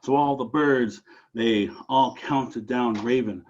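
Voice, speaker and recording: A man from Alaska telling a traditional story aloud, animated, with dramatic rises and drops. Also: medium pitch, slow, lo-fi sound.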